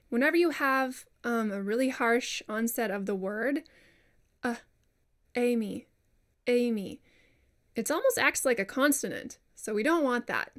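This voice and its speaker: A woman voiceover coach giving a casual lesson, chatty and self-deprecating, who says example words aloud to demonstrate them. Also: on the high side. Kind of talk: casual instructional talk.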